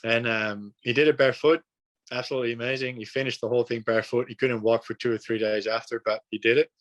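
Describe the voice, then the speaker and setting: A young man from the Netherlands, a podcast guest telling a story in an earnest, relaxed way, with frequent fillers and repeated words. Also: medium pitch, quick pace. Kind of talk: casual storytelling.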